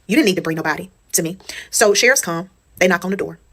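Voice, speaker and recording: A woman's voice: fairly low pitch, animated, fast talker, a bit bright. A woman telling a personal story in casual storytime style. She talks straight to her viewers, swears freely and repeats phrases for emphasis.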